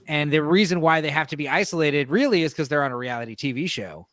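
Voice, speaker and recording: Man, podcast co-host, high voice, very dry close sound, animated storyteller who swears freely. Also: fast talker, few pauses, no echo. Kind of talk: casual chat.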